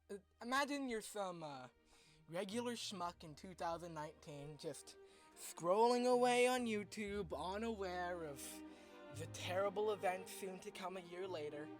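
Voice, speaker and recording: A man hosting a comedy vlog, ranting in an exasperated, sarcastic way and breaking into shouts. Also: high voice. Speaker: host.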